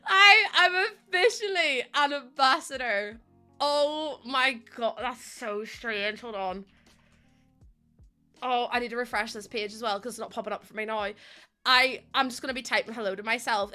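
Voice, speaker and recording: High, bright-voiced excitable woman streamer. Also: moderate pace, faint music behind. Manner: excitable, gushing, laughs often. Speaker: live streamer. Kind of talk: casual stream chat with viewers.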